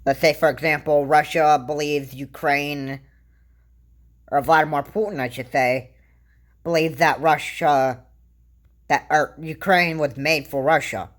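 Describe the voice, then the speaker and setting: A woman giving casual political commentary to camera, rambling and halting, restarting her sentences often. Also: low voice, fairly even intonation. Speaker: vlogger.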